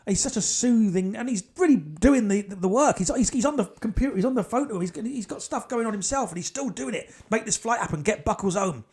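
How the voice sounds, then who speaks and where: A man, a comedy podcast host, telling an off-the-cuff story in an animated way, building the tension and racing through parts of it. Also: high-pitched, quick pace, few pauses.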